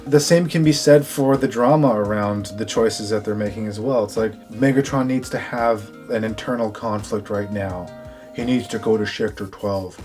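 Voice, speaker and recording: A man's voice: fairly low pitch, moderate pace, darkish tone, soft background music. A man co-hosting a casual show review, talking in an exasperated, rhetorical way. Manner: exasperated, rhetorical, mimics characters. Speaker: co-host.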